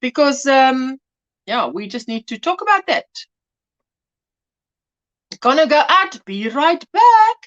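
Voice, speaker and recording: A woman chats on a crochet livestream, greeting viewers by name and reading their comments aloud. Her voice sits high and swings widely in pitch. The sound is a bit dull, as if captured on a phone. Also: sing-song, takes it slowly, pauses often, a bit bright. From South Africa. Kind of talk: casual live-stream chat.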